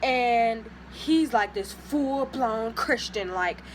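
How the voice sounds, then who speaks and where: A young woman vlogger telling a casual story, animated and sassy, mimicking the people she talks about. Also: on the high side, takes it slowly, a little hiss or hum.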